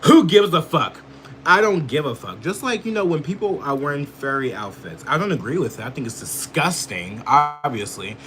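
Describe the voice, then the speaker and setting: A man's voice: on the high side, sing-song, moderate pace, fairly bright tone, slight background noise. A man from the United States giving heated, profane political commentary with lots of filler words. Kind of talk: casual ranting commentary.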